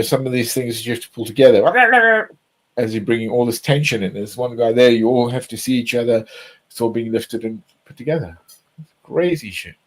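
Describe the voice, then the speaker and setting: A man's voice: mid-range voice, low-quality recording. A man chatting casually, rambling and repeating himself, swearing often. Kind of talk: casual chat.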